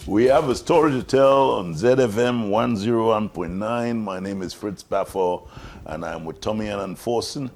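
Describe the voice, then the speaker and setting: An older man hosting a radio talk show, telling jokes in a relaxed way and acting out the voices in his stories. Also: on the low side, moderate pace, soft background music. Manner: relaxed joke-telling, acts out quoted voices. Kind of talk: casual storytelling chat.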